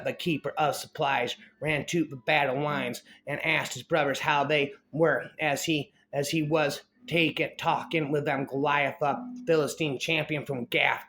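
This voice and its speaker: A man's voice: fairly high pitch, steady tone, unhurried, fairly bright tone. A man reading a Bible story aloud with frequent stumbles, breaking into improvised scat rap fillers between passages.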